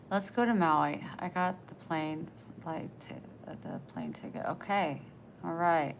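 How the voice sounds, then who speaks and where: Woman livestreamer, American country twang, low gravelly voice, breathy and soft-spoken. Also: measured pace, slight background noise. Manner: soft-spoken, drifting into near-whispers. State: short of breath. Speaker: livestreamer reading chat. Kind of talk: casual live-stream chat.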